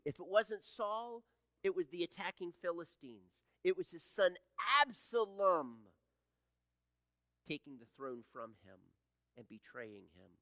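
A man in his sixties preaching a sermon as pastor, swinging between loud emphatic peaks and hushed low passages. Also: lively intonation, normal speed, no room sound, clean studio sound. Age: 60s.

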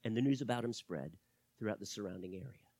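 A male pastor preaching a teaching sermon, swinging from loud emphasis to quiet asides and asking the audience questions. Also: lowish voice, animated, fast talker, no echo. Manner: asks the audience direct questions.

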